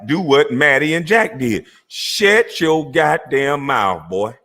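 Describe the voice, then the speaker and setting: A middle-aged man hosting his own channel, delivering an angry, profane rant to camera, mocking and confrontational, breaking into laughs and shouts. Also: fairly high pitch, animated, slow pace. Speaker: channel host. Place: Georgia, USA.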